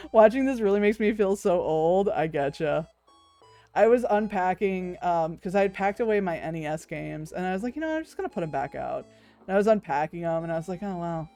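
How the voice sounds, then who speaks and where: A woman's voice: fairly low pitch, lively intonation, fairly quick, mellow, faint music behind. A woman, chatting casually with her stream viewers, laughing often, swearing freely and cooing over cute things.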